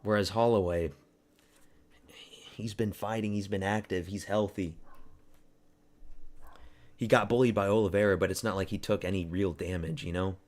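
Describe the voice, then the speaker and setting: A man's voice: low voice, steady tone, moderate pace, pauses often, a little mellow. A man hosting a casual fight watch-party stream, rambling, swearing and answering chat. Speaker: livestream host.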